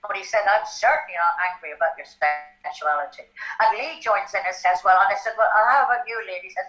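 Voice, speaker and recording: An older Irish woman telling a personal story in an interview, animated and often checking in with "right?". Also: mid-range voice, fairly quick. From Ireland. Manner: animated, tag questions like "right?". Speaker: guest. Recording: dull lo-fi sound.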